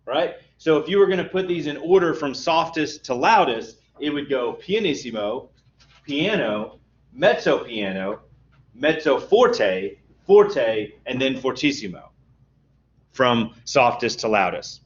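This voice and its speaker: A man's voice: medium pitch, lively intonation, a little slow. A man teaching a college music class, explaining terms step by step and often checking with "okay?". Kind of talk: classroom lecture. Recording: dull lo-fi lecture recording.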